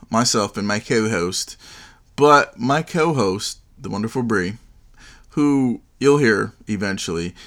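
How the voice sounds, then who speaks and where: A man's voice: medium pitch, fairly bright tone. A man hosting his own solo podcast, chatting casually in a joking, rambling way. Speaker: podcast host.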